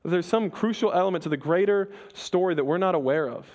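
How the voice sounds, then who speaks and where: Animated conversational preacher man. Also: sits high, a little fast. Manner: conversational, animated, acts out quoted voices with laughs. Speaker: pastor. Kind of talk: sermon.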